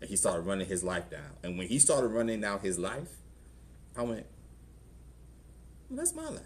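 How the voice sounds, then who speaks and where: Deep-voiced Southern pastor telling a story. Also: male voice, normal speed. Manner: conversational storytelling, acts out quoted voices. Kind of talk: testimony sermon. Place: church.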